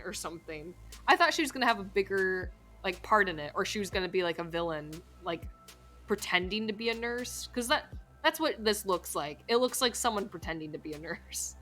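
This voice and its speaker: A woman's voice: medium pitch, animated, brisk, sharp tone, soft background music. Chatty young woman streaming a game. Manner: chatty, rambling, easily moved. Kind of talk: casual live game commentary.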